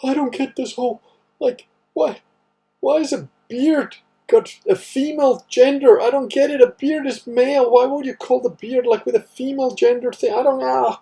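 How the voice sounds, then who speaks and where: A man putting on a high, whiny voice to mock a confused English speaker learning Italian. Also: fairly even intonation, moderate pace, creaky, mellow, slightly rough, distant mic, exaggerated voice. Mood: exasperated. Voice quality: squeaky, exasperated. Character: baffled whiny English learner, mocking caricature.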